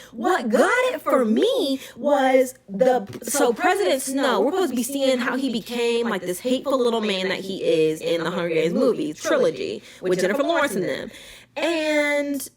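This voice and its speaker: A young woman hosting a podcast, talking casually in an emphatic, animated rant. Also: a little high. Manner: animated, emphatic ranting with frequent "okay?" asides. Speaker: podcast host. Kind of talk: casual chat.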